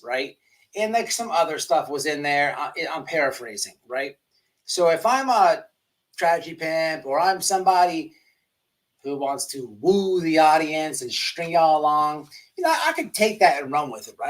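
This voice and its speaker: A man's voice: fairly high pitch, very animated, moderate pace. Rambling man hosting a livestream. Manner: rambling, emphatic, many restarts. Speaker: host. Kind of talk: livestream commentary.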